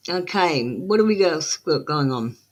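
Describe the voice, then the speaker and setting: Woman, tarot reader, live-stream reading, flat matter-of-fact tone, blunt, scolding. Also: low voice, unhurried.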